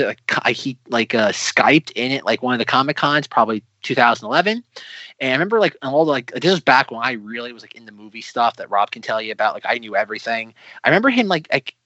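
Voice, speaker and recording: A man's voice: medium pitch, bright, forceful tone, no room sound, muffled recording. A man co-hosting a podcast in casual chat, rambling with many fillers and restarts. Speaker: podcast co-host.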